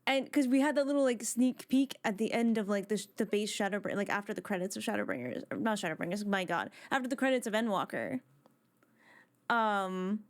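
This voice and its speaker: A woman chatting on a casual live stream, excitable and rambling, with lots of "like" fillers. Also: medium pitch.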